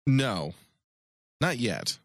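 Dry-witted man trading quick comebacks. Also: mid-range voice, big pitch swings, no room sound. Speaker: podcast co-host. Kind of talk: casual banter.

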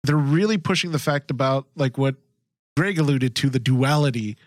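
A man's voice: mid-range voice, moderate pace, dry recording, clean studio sound. A man co-hosting a podcast, chatting casually and enthusiastically, laughing often. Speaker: podcast co-host. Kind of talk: casual chat about a TV series.

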